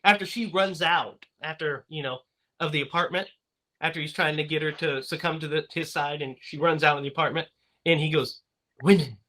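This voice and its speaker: A man hosting a casual movie podcast over a video call, talking in a lively way and laughing often. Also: a little high, fairly quick. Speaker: podcast host. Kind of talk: casual chat.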